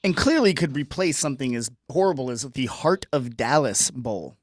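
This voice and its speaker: A man co-hosting a sports talk show, chatty and quick to laugh. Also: mid-range voice, animated, no echo. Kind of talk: casual sports banter.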